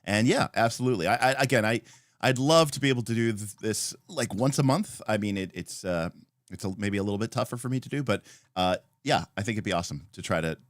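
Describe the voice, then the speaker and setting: A man's voice: on the low side, animated, fast talker, no echo, clean studio sound. Chatty man hosting a livestream. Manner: chatty and rambling, greeting viewers by name. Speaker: livestream host. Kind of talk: casual livestream chat, answering viewers.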